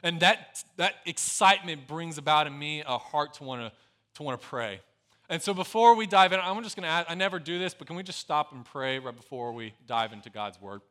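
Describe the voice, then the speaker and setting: A young male pastor preaches with earnest storytelling, his voice sitting high. The tone is bright and ringing. He slips into a hushed softness when he prays. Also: expressive, brisk. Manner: storytelling, earnest, dropping to a soft hush in prayer. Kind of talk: sermon.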